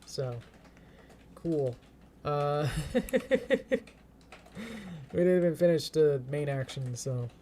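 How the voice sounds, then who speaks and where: Slow, mellow-voiced streamer thinking aloud. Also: medium pitch, slight background noise. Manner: thinks aloud, chants step by step, laughs often. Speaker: animation streamer. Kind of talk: casual live-stream narration while animating.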